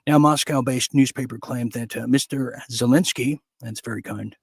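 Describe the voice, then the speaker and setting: A man's voice: mid-range voice, moderate pace, gravelly, breathy edge, no room sound. A man hosting an opinionated news commentary show, reading headlines and breaking off into sarcastic, ranting asides.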